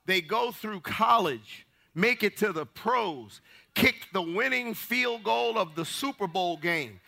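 Pastor, male, high gravelly and bright, fiery sermon delivery with shouted peaks. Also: takes it slowly. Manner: animated, rising to shouts, folksy asides.

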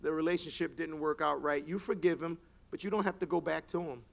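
A male preacher giving a sermon, reading scripture aloud and rising to loud, emphatic passages. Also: on the high side, steady tone, fairly quick, creaky.

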